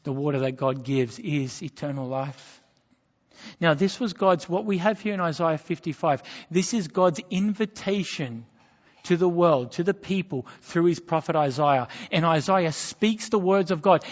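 A male preacher delivers a sermon with a fairly high voice, building to loud peaks and falling to quiet asides. The sound is a bit dull and carries a long reverb, as in a church. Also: measured pace. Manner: emphatic preaching, rising to loud climaxes and dropping to hushed lines.

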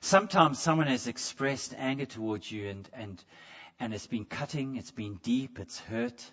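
A man's voice: medium pitch, normal speed, a bit bright, muffled recording. A man preaching a sermon in a conversational way, stumbling over repeated words and putting questions straight to the congregation. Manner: asks the congregation direct questions.

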